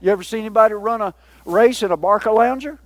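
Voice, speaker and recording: High-voiced folksy pastor. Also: male voice, quick pace, fairly bright tone, no room sound. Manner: folksy, joking with the congregation. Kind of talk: sermon.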